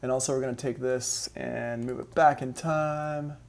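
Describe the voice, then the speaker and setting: A man's voice: mid-range voice, fairly even intonation, normal speed, creaky, darkish tone. A man running a live-streamed music production class, talking students through each step in a casual, upbeat way.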